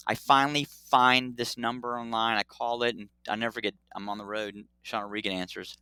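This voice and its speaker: A middle-aged man, a doctor, telling a story in a casual interview, animated and acting out dialogue. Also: medium pitch, fairly quick, smooth, no echo. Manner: animated, acts out dialogue, laughs often. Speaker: pediatric urologist guest.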